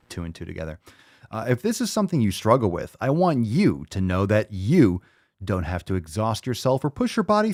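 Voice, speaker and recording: A man's voice: medium pitch, no room sound, clean studio sound. A man hosting a podcast, ranting in blunt, mocking, profane commentary. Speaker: podcast host.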